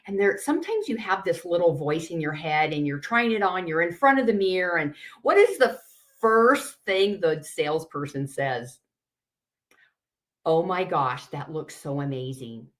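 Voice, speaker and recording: A woman's voice: lowish voice, big pitch swings, normal speed. A middle-aged woman style coach teaching a class in an earnest, encouraging way, acting out little quoted asides.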